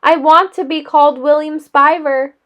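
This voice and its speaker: A woman's voice: high voice, fairly even intonation, moderate pace, lo-fi sound, pitched above the performer's own voice, lightly acted. A woman reading a storybook aloud, voicing a dramatic boy who talks in a formal, self-pitying way. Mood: sorrowful. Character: dramatic, wordy boy with dark glasses.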